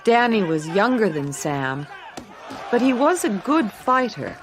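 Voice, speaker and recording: A woman narrating a simple story for English learners, clear and deliberate. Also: medium pitch, very animated, a faint crowd. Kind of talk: slow scripted story reading for English learners.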